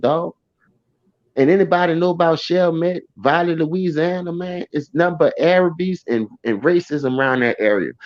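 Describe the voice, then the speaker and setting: A man telling a personal story in a blunt, profane, animated way. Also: fairly high pitch, no room sound. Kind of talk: casual first-person storytelling. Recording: dry, slightly dull recording.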